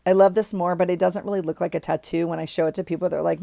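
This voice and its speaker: A woman's voice: on the low side, fairly even intonation, a little fast, gravelly, dark tone, no echo, studio quality. A middle-aged woman vlogger chatting casually at home about her journal, rambling with lots of ums and likes. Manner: rambling, chatty, frequent fillers like um and like. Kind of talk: casual chat.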